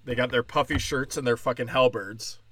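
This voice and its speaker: A man's voice: medium pitch, fairly even intonation, normal speed, fairly bright tone, slightly rough, no echo. A man doing a sarcastic, rambling, profane stand-up comedy rant.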